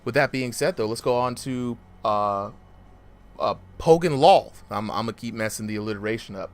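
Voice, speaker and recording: A man hosting a casual stream interview, talking in an energetic, slangy way. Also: medium pitch, moderate pace. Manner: energetic, slangy, says "bro" a lot. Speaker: host.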